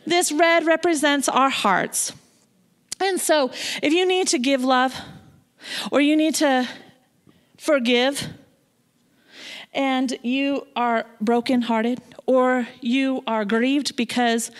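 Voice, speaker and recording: High-voiced woman preaching emotionally. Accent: Pacific Northwest American. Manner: emotional, animated preaching with laughter. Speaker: minister at a church service. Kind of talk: sermon. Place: church.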